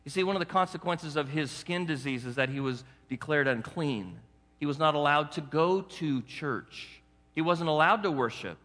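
A male pastor preaches in a bright, forceful voice that sits somewhat high. He coaxes his congregation with rhetorical questions. His voice rings out in a church hall with a long reverb. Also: animated, moderate pace. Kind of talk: sermon.

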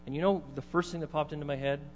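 A man's voice: a little high, steady tone, very fast, soft background music. A middle-aged man preaching a sermon in a conversational way, putting questions to his congregation. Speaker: pastor. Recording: dull, echoey hall with mains hum.

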